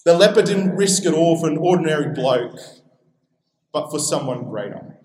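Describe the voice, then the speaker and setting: A man's voice: on the high side, animated, moderate pace, a little mellow, reverberant, rough recording. A man with an Australian accent preaching a sermon in a conversational way, acting out quoted voices as he goes. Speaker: pastor.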